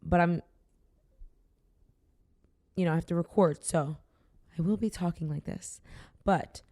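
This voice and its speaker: A woman's voice: on the low side, unhurried, mellow, dry recording. A young woman hosting a podcast, chatting and teasing her co-host in a playful, casual way while having a drink. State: tipsy from drinking.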